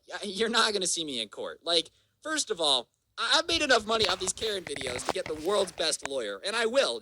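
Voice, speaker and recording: A man's voice: high voice, noisy background. A man in his twenties telling a storytime rant on his channel, sarcastic and full of mocking insults. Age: 20s. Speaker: YouTuber.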